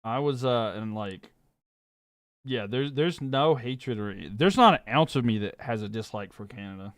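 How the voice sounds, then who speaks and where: A man's voice: medium pitch, expressive, normal speed, clear, resonant tone, dry recording, clean studio sound. A man from the American South with a Southern accent, casually chatting on a live stream and reading viewer comments in a rambling, laughing way. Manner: laid-back, rambling, fillers, laughs often. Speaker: sports streamer.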